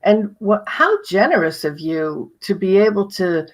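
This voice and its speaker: A woman's voice: mid-range voice, very animated, unhurried. A woman hosting an interview, offering supportive, affirming responses to her guest. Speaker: host. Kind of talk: interview conversation.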